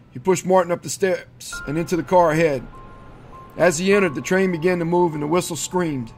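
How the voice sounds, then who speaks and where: A male narrator reading a horror story aloud in a measured, steady storytelling manner. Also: on the high side, faint music behind. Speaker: audiobook narrator.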